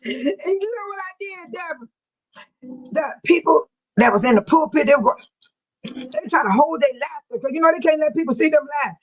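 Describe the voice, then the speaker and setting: A woman's voice: sits high, a little fast, long pauses, low-quality recording. An older woman, a grandmother, chatting casually with viewers on her livestream, telling stories and laughing often. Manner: addresses viewers by name. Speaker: livestream host.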